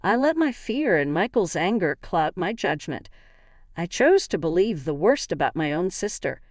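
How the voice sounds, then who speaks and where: A woman narrator playing a guilt-ridden sister who pleads through choked sobs. Her fairly low voice moves up and down a lot. The recording is close and dry. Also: big pitch swings, moderate pace, dry recording. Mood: guilty.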